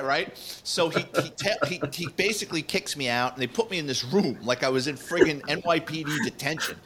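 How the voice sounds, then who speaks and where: New guy telling cop stories on a podcast, bright voice, acts out the quotes. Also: a little high, a little hiss or hum. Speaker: podcast co-host, retired police officer. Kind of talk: casual storytelling chat.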